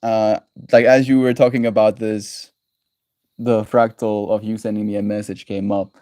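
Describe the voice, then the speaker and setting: In a dry recording, a Canadian man with a fairly low, warm voice talks at normal speed in a level tone. Hosting his daily livestream, he chats fondly and playfully with viewers, giggling and inventing silly words as he rambles.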